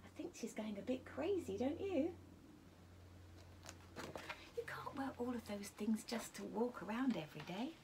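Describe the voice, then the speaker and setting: A woman teacher reading a picture book to children, animated, asking them questions and often dropping to a whisper. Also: fairly high pitch, unhurried, long pauses, background noise.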